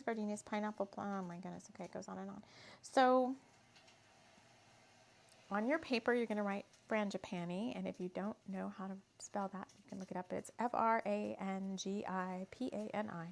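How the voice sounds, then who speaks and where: A woman's voice: mid-range voice, brisk, creaky. A woman hosting a casual spiritual craft session, chatty and giggling often as she repeats her ingredient list aloud. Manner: giggly, laughs often mid-sentence. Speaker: host.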